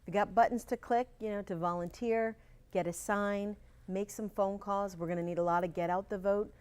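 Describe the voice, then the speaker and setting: Her voice is medium in pitch, steady, clean, and a little mellow as this middle-aged woman, a candidate, speaks earnestly and upbeat in a casual local TV studio interview. She spells things out slowly.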